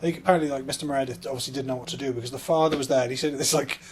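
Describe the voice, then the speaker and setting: A man's voice: medium pitch, fairly even intonation, very fast, slight background noise. A man co-hosting a comedy podcast, telling a rambling anecdote full of fillers in casual chat. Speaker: podcast co-host.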